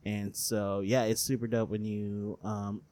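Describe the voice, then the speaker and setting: A man's voice: fairly low pitch, flat delivery, measured pace, warm tone, no room sound. Guy cohosting a podcast, jokey and slangy, laughs a lot, dry close mic. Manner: joking, laughs often, slangy. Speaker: podcast co-host. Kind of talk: casual chat.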